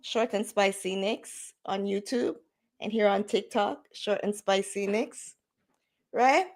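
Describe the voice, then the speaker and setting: A woman with a Jamaican accent chats on a livestream at an unhurried pace. Her pitch sits in a middle range. She mixes patois into her talk and laughs often. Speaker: livestream host. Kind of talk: casual livestream chat.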